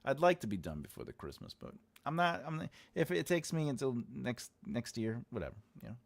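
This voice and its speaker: A man from the United States talks casually to his viewers as a channel host, rambling from thought to thought. He repeats his phrases and drifts into asides. His middle-pitched voice rises and falls with lively swings. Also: a little fast, gravelly. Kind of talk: casual livestream chat.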